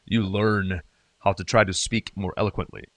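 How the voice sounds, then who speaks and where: A middle-aged man from South Carolina with a light Southern accent, talking as a podcast guest in his home studio, chatty and animated with frequent restarts. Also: sits low, moderate pace, dry recording. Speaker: guest, singer-songwriter and radio DJ. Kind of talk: casual interview chat.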